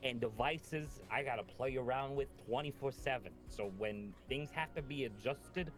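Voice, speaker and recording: A man's voice: medium pitch, normal speed, faint music behind. A man from upstate New York chatting and joking casually as host of a live stream. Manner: joking, animated.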